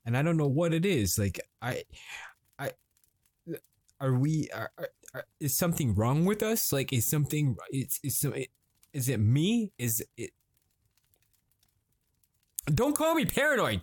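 An actor playing a frustrated husband confronting his wife at dinner, halting and swearing as he grows angrier. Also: mid-range voice, sing-song, dry recording. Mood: angry. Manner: halting, swearing, escalating to yelling. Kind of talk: improvised dramatic monologue.

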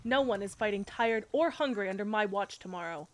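A woman voicing a shy, war-weary female knight commander in an audio role-play, speaking hesitantly with soft fillers. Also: medium pitch, steady tone, normal speed, slight background noise, close to an everyday voice. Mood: commanding.

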